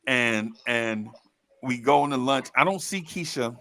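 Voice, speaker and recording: A man telling a funny story from his own life in a casual, animated way, laughing often and calling the listener bro. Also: mid-range voice, a little slow. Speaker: storyteller host.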